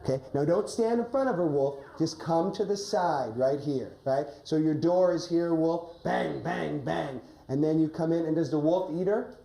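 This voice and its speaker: A woman's voice: low voice, moderate pace, few pauses, dark tone. A woman drama coach guiding a class through a play rehearsal, giving instructions and often asking "right?". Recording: echoey classroom, faint noise.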